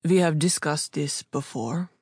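A steady Amish farmer man with a slight German accent, firm and unwavering, every word measured and calm, as a woman narrator voices him. The reading sounds close and dry, with a low-set, even tone. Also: creaky, husky, no echo, full character voice.

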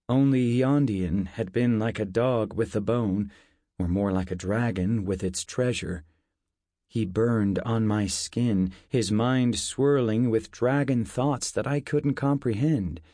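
A man narrating a first-person fantasy story in a measured, unhurried audiobook reading. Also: fairly low pitch, dark tone, dry recording, studio quality.

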